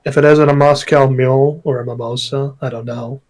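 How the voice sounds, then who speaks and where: A man speaks as a guest in a relaxed chat, pausing often to find the right words. His pitch sits in the middle range, and his tone is thoughtful. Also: poor audio. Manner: reflective, searching for words. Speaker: guest author. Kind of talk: casual chat.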